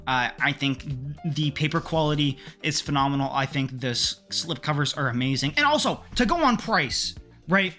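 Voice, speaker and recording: An excitable man chats through a casual haul vlog in a bright, forward voice. He swears freely and works himself up into heated rants. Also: fairly high pitch. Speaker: manga collector vlogger.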